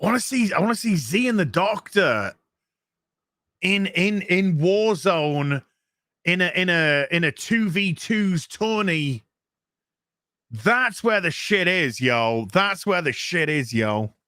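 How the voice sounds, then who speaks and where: Brief: male streamer, animated reading of chat donations, bright tone, dry mic. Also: high-pitched, slow pace, dry recording. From England. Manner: animated, chatty, reads donor messages aloud. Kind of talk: casual live stream chat.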